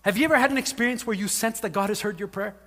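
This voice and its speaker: A male pastor preaching a sermon, telling the story with animated asides and acted-out voices, often saying "like". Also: high-pitched, very fast. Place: church hall. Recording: long hall reverb.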